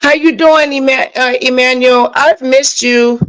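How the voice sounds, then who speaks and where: Woman, livestream host, AAVE, higher voice, emotional, on a rant, talking back to chat. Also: steady tone, unhurried, fairly bright tone, low-quality recording.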